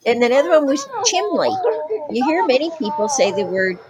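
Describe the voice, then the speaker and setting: Canadian woman, casual chat, lively, conversational, mimics pronunciations. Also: sits high, a little fast, heavy background noise. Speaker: podcast co-host.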